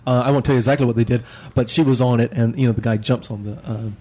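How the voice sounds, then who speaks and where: A man chatting as a guest on a podcast roundtable, telling a relaxed, rambling story about a day out. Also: medium pitch, rapid-fire, slightly rough. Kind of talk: casual roundtable chat.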